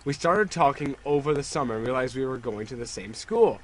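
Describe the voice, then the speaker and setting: A man reading the lines of a calm, guarded young woman college student from a text game in a flat voice. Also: medium pitch, fairly quick, slight background noise, close to an everyday voice, rough recording. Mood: reflective.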